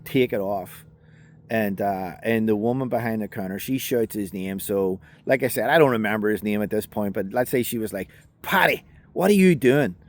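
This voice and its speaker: A man's voice: on the low side, darkish tone. Northern Irish man telling a story. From Northern Ireland. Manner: conversational, many fillers and restarts. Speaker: self-defense instructor. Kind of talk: casual storytelling.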